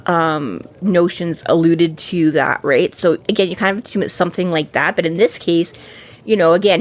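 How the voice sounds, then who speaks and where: A woman co-hosting a casual book podcast, rambling with lots of fillers and acted-out quotes. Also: lowish voice. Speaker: podcast co-host. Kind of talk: casual book discussion chat.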